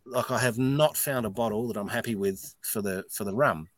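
A middle-aged Australian distillery owner, guest on a casual podcast interview, speaks on the low side at a normal speed in a dry recording. He's blunt, swears freely and tells stories with real animation.

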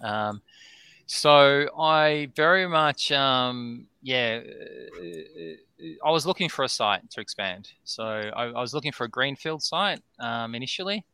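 A man's voice: medium pitch, slow pace, vocal fry, clear, resonant tone, no echo. A middle-aged Australian man telling a long, rambling story as a guest on a podcast, full of ums and "right?". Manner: rambling, excitable, lots of "um" and "right?". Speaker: distillery founder, guest.

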